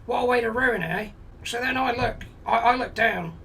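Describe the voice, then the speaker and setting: A man's voice: very high-pitched, moderate pace, creaky, pushed and bright, recorded from a distance, slight background noise, rough recording. A man in his forties telling a blunt, sweary comic anecdote, exasperated and full of quoted dialogue. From England. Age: 40s. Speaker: comedy storyteller. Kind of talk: comic storytelling monologue.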